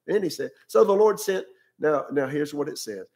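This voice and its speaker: A man's voice: on the high side, moderate pace, darkish tone. A male pastor preaching a sermon in a conversational way, often repeating words and asking his listeners questions.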